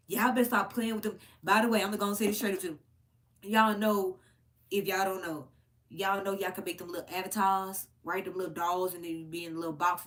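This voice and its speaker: Blunt, profane woman ranting to camera. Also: brisk. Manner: blunt, profane, animated, swings high when worked up. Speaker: commentary channel host. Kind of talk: unscripted rant to camera.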